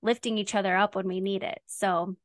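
A woman's voice: medium pitch, level tone, brisk, dry recording. A woman with a mid-range voice hosts a faith podcast, recorded close with a dry sound. She speaks conversationally, reflecting back on what her guest shares and affirming it. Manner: warm, affirming, conversational questions. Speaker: podcast host.

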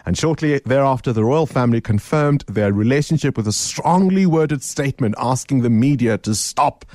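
Radio host, dry and close. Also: male voice, medium pitch, no echo. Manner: conversational and relaxed, with easy restarts. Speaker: radio talk show host. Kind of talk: casual radio chat. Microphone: studio microphone.

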